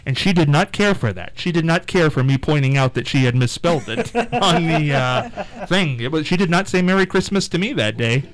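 Lively, teasing male radio host. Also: a little high, moderate pace. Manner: playful, teasing, lively storyteller. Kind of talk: casual on-air chat.

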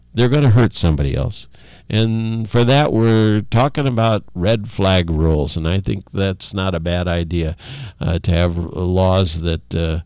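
An older man giving a rambling, folksy local monologue, halting with many fillers and frequent chuckles. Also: on the low side, darkish tone, smooth, no room sound.

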